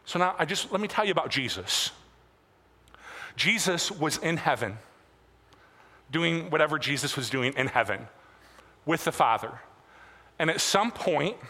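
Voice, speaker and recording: Man, pastor, sermon, bright tense voice, slightly high pitch, chatty self-deprecating delivery, big church reverb. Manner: conversational, self-deprecating preaching with asides and laughs. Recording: long hall reverb.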